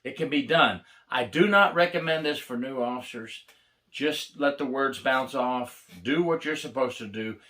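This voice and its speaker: Speaking to camera with a pushed, bright, mid-range voice, a retired US corrections officer, an older man, shares prison-life stories. His storytelling is casual, plainspoken, blunt and wry.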